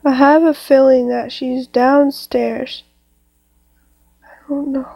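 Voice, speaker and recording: A woman's voice: high voice, little pitch movement, takes it slowly, vocal fry, mellow, no echo, poor audio. A young woman commenting on a horror game as she plays, jumpy and talking to her viewers. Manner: jumpy, exclaiming, talks to viewers. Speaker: gamer.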